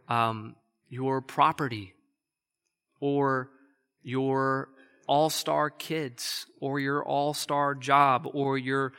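A man preaching a sermon as pastor, earnestly, shifting between quick emphatic bursts and slow, hushed stretches. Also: medium pitch, smooth. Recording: long hall reverb.

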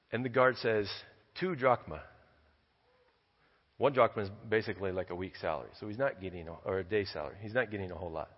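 A man's voice: on the low side, long reverb tail, lo-fi sound. A missionary man preaching a sermon, reading scripture and telling a story, often repeating words as he goes. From United States. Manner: halting, repeats words while building a story. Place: church.

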